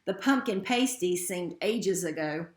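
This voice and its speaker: A woman reading a novel aloud in a steady, expressive way. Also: fairly low pitch, unhurried. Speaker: narrator. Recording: roomy echo.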